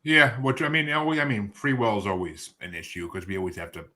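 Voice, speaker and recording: Guy hosting a podcast, keeps interrupting himself, bright sharp tone. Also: on the low side, steady tone, fast talker. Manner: rambling, sarcastic asides, self-interrupting. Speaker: podcast host. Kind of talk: casual interview chat.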